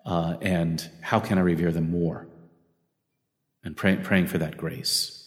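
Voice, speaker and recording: A man's voice: low-pitched, flat delivery, slow pace, long pauses, long reverb tail. A man preaching a sermon to a group of brothers, earnest, often restarting his phrases. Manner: earnest, self-correcting with repeated restarts.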